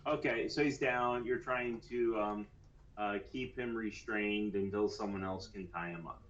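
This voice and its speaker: A man running a tabletop game as dungeon master, giving calm, matter-of-fact rulings. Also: lowish voice, unhurried, lo-fi sound.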